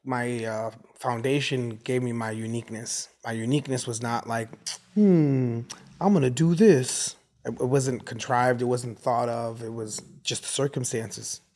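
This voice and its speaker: This American guest, a man in his forties, speaks in a mid-range voice at a moderate pace with few pauses. Chatting in a relaxed interview, he spins stories and animatedly imitates voices from his neighborhood.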